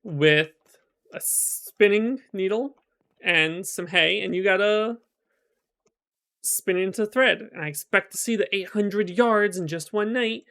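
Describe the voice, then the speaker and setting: A man's voice: high voice, takes it slowly, sharp tone, clear, resonant tone, full character voice. A man voicing a gushing, commanding queen mother in a retold folk tale. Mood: demanding. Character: bossy royal queen mother, older woman.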